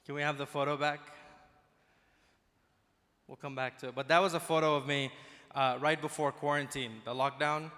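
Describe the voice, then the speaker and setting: A man from Dubai working the crowd as a stand-up comedian, his voice bright and sitting a little high. He talks in a chatty, self-deprecating way. The sound rings out with the long reverb of a big conference hall. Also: little pitch movement, moderate pace, long pauses.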